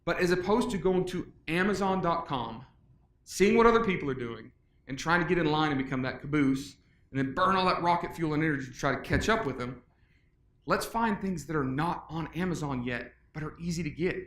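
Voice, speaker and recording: Energetic man talking in an echoey hall. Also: on the high side, a little fast. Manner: energetic, casual, joking with the audience. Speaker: conference speaker. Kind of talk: live presentation. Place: conference room with audience. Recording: echoey conference room.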